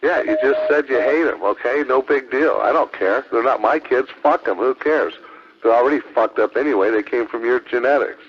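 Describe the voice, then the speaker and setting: Over a lo-fi radio transmission, a male ham radio operator with a medium pitch carries on a heated on-air argument at a moderate pace. He's taunting and profane, hammering the same accusations over and over.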